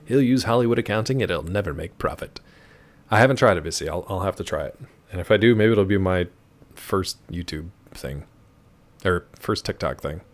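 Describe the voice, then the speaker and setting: Male streamer, casual and chatty, lowish voice with very animated pitch. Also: fairly quick. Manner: chatty, answers chat mid-game, wry asides. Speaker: streamer playing a video game. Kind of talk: casual live-stream chat.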